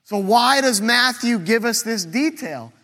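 A man's voice: very high voice, animated, unhurried, bright, forceful tone, long reverb tail. A man preaching a conversational sermon as pastor, posing questions aloud to the congregation.

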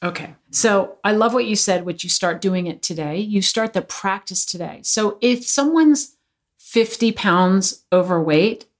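Woman, guest, breathwork teacher, mid pitch, earnest, instructive, frank, conversational. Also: animated, measured pace. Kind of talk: casual explanatory chat.

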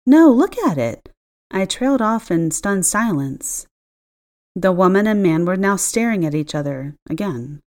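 Woman narrator, expressive audiobook read, slightly low voice, wry touch. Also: a little slow. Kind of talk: first-person audiobook narration.

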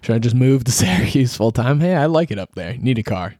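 A man's voice: mid-range voice, big pitch swings, a little fast, warm tone, no echo, clean studio sound. A young man in his twenties, hosting a solo podcast from his bedroom office, rambling casually, swearing and mocking himself. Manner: rambling, self-mocking, swears a lot, restarts often. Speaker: podcast host.

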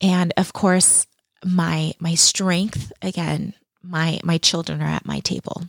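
A middle-aged woman talks in an earnest, heartfelt way and leans on repeated words to drive a point home. Her voice sits on the lower side for a woman and has a gravelly fry. It is close and dry, with no room sound. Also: flat delivery, takes it slowly, no room sound. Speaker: guest. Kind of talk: reflective personal interview talk.

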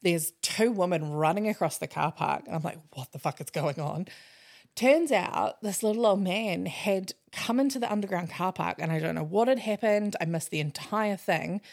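A young woman co-hosts a casual podcast, telling a story with lively, animated energy and frequent swearing. Her voice carries a noticeable gravelly fry, sitting in a middle pitch for a woman. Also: moderate pace, few pauses. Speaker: podcast co-host.

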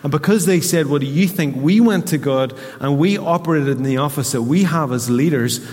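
Preaching in a reverberant church hall, a man with a Northern Irish accent delivers a sermon as a story, acting out the voices in it with animation. His voice sits on the high side and he speaks fairly quickly.

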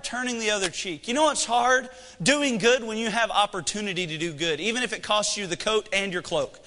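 Man, 30s, preacher, high voice, conversational sermon with jokes, long reverb of a church hall. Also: pushed and bright. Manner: conversational preaching with humor and rhetorical questions. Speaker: pastor.

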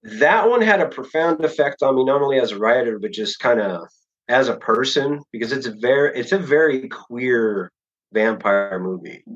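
A man's voice: medium pitch, normal speed, highs cut off. A man, an author guest on a podcast, talking casually and loosely with plenty of fillers and restarts. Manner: relaxed, rambling, many fillers and restarts.

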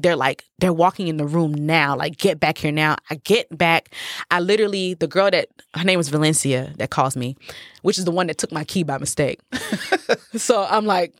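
A woman in her thirties, a professional dancer, telling a story as a guest in a casual interview. She is animated, acts out what people said and laughs often. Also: on the low side, no echo, clean studio sound.

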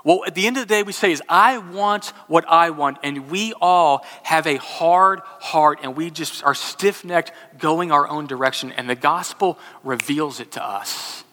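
A man's voice: a little high, unhurried, few pauses, sharp tone. A man from Texas preaching a sermon, telling a self-deprecating personal story in a casual, conversational way. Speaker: pastor. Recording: long reverb from a large hall.

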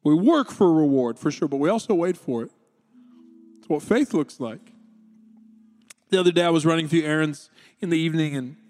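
A man in his thirties preaching a sermon, telling a family story with animated delivery and voicing his children. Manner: storytelling, animated, quoting his kids with raised pitch. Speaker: pastor. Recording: long hall reverb.

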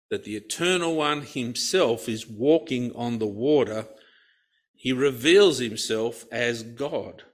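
A man giving a Bible study talk, expressive, with playful asides. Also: mid-range voice. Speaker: Bible teacher.

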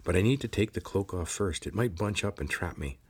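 A man's voice: low voice, expressive, a little fast, slightly rough. A man doing a determined young explorer. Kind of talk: audiobook character voice.

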